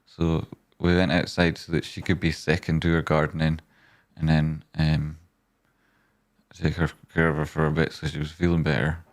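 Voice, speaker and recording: A man's voice: rumbling low, monotone, moderate pace. A man hosting a casual stock market livestream, rambling as he talks straight to his viewers.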